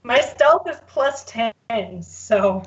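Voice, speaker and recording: Woman d&d player, joking and blunt, high voice, muffled mic. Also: lively intonation, takes it slowly, very noisy. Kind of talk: casual tabletop play.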